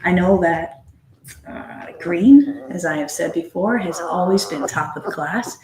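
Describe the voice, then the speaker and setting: A woman hosting a puppy live cam in a gentle, affectionate casual chat, indoors with the puppies. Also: lowish voice, animated, measured pace, reverberant.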